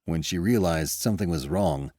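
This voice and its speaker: A man narrating an audiobook in first person, with lively, expressive storytelling on a close studio mic. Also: low-pitched, normal speed, dry recording.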